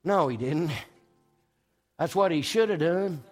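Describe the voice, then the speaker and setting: A man preaching a folksy, storytelling sermon that swings between loud and hushed. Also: a little high, animated, a little slow, soft background music.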